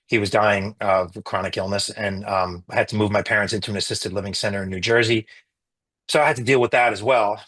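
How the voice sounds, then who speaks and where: A middle-aged man, a physician, giving an emotional personal account in an interview, halting with many restarts. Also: on the low side, fairly even intonation, a bit bright, rough recording.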